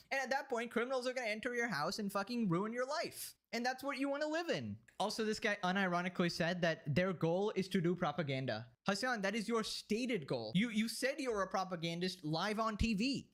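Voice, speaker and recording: A man's voice: high voice, a bit bright. A man hosting a reaction commentary, talking in a sarcastic, mocking and profane way. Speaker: commentary channel host.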